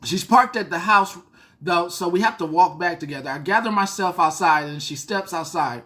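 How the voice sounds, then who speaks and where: A woman's voice: on the low side, normal speed, fairly bright tone. A woman hosting a show, reading a story aloud and breaking off for blunt, profane asides. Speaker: host.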